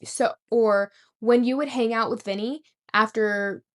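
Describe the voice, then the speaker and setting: A woman's voice: fairly high pitch, fairly even intonation, a little slow. A young woman vlogger telling a rambling story and swearing casually. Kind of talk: storytime vlog.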